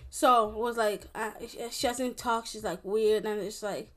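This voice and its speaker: A woman's voice: mid-range voice, steady tone, normal speed, fairly bright tone. A young woman telling a personal story to the camera in a casual, rambling way, with many restarts and fillers. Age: young adult. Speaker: vlogger.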